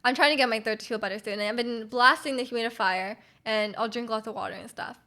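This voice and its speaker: Streamer woman, casual chat, light and slightly high, rambling with fillers and soft giggles, throat not quite right. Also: quick pace. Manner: chatty, many fillers, giggles often. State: throat feels off.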